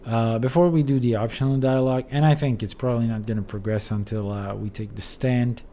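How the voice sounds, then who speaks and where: A sleepy, yawning man streams a video game, offering casual let's play commentary that rambles and hesitates with many fillers. His mid-range voice is mellow and fairly even in intonation, and he talks briskly over slight background noise.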